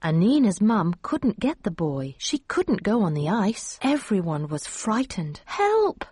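A woman reading a children's picture book aloud, slowly and clearly, with expressive rises and falls. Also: mid-range voice, no echo. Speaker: storyteller.

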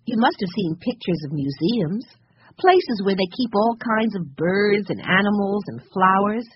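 A woman's voice: medium pitch, lively intonation, measured pace, a little hiss or hum, lightly acted. A woman voicing an enthusiastic older brother who leads the others with an encouraging manner, in a storybook reading. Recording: slightly muffled recording.

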